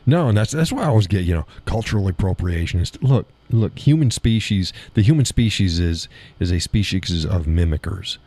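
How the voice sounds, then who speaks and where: A man hosting a live stream and chatting loosely as he reads out viewers' comments. His voice sits low with a dark, mellow color and a husky grain. He rambles and chuckles often. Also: animated, fairly quick, hardly any pauses. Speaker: live show host. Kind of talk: casual chat reading audience chat.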